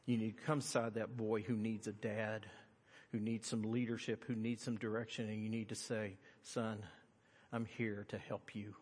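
A middle-aged man preaching a sermon, swinging from loud, high-pitched emphasis to quiet, earnest tones. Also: level tone, moderate pace, husky. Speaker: pastor. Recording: long hall reverb.

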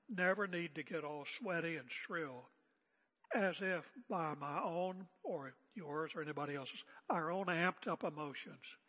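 Calm older pastor in a reverberant church. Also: male voice, on the high side, slightly rough. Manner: calm, conversational preaching with rhetorical questions. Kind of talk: sermon. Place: church sanctuary. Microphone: seated at pulpit area mic.

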